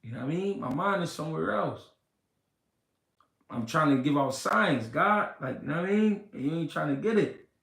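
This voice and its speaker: Man, high lively voice, slow repeated points, echoey room. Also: creaky. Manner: animated, repeats himself, swears, talks slow and deliberate. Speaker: livestream host reading comments. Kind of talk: casual livestream talk about boxing. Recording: roomy echo.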